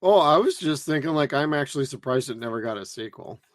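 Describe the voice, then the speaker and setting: A man co-hosting a casual podcast chat, relaxed and swearing casually as he thinks aloud. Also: medium pitch, fast talker, no room sound. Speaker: co-host.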